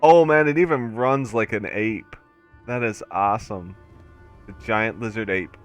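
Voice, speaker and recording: Laid-back low-voiced man gaming with friends. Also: measured pace, faint music behind. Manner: easygoing, chatty, laughs often. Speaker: streamer playing an online game. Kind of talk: casual gaming chat.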